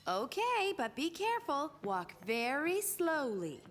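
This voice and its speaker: A woman voicing a gentle, loving mother in an animated children's series, speaking softly and patiently. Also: high voice, unhurried, over loud music. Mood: tender. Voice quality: soft, patient, reassuring. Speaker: mother character.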